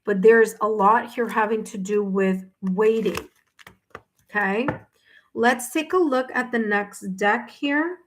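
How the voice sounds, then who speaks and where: A woman's voice: medium pitch, takes it slowly, low-quality recording. A woman giving a paid tarot reading on a live stream, speaking to the viewer directly in a soothing, reassuring way while she has the hiccups. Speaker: tarot reader.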